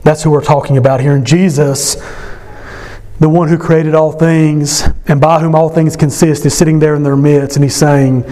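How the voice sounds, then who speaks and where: A pastor preaches an impassioned sermon at a church service, his voice climbing high whenever he stresses a point. Otherwise his delivery is flat and mellow, at a moderate pace.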